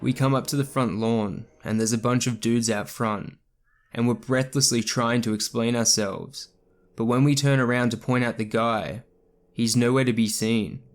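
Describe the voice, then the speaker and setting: A man narrating a true scary story in the first person, in a steady, scripted storytelling manner. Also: medium pitch.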